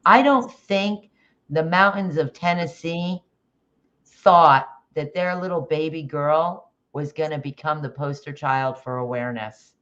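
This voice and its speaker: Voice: mid-range voice, unhurried, fairly bright tone. Rambling livestream host on dull audio. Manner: rambling, with many restarts, greets chat viewers by name. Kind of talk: casual livestream commentary.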